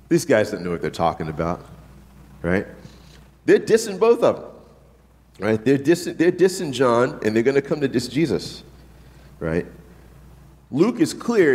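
A man preaching a sermon with lively, joking delivery, often asking "right?" and acting out the voices of the people he quotes. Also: medium pitch. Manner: animated, jokey preaching with frequent rhetorical "right?". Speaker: pastor. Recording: long reverb from a large hall.

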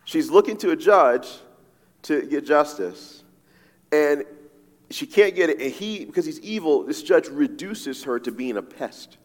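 A man delivers a sermon in an animated, conversational way, peppering his points with quick asides and "right?" checks. His pitch moves a lot, up high and back down. The sound carries the long reverb of a large church hall. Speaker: pastor.

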